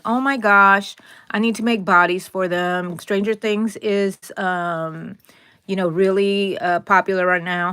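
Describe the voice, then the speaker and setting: A woman's voice: medium pitch, a bit bright, no echo, studio quality. Chatty woman hosting a crochet live stream. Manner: chatty and playful, laughs often, greets viewers by name. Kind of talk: casual live-stream chat.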